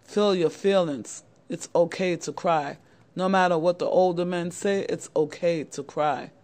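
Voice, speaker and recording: A woman's voice: on the low side, steady tone, unhurried, a little mellow. A middle-aged woman who hosts a channel, giving young men earnest, repetitive advice straight to the camera and often calling her listeners "guys". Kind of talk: motivational talk to camera.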